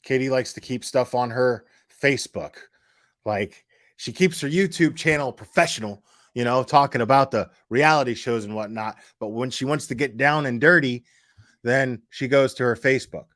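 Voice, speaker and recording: A man's voice: mid-range voice, normal speed, a bit bright, dry recording, studio quality. A man hosting casual commentary, blunt, sarcastic and profane. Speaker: commentary host.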